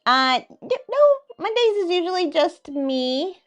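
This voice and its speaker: A woman's voice: very high-pitched, animated, measured pace, a bit bright, faint music behind. A woman hosting a casual livestream chat, reading viewer comments aloud in a playful, teasing way and laughing often. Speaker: livestream host.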